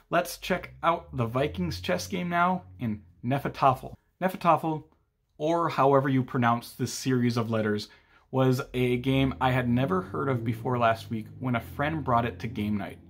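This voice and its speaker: A man hosting a board game review channel, reading his quick reviews and ratings in a steady, matter-of-fact way. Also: mid-range voice, creaky. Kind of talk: scripted review narration.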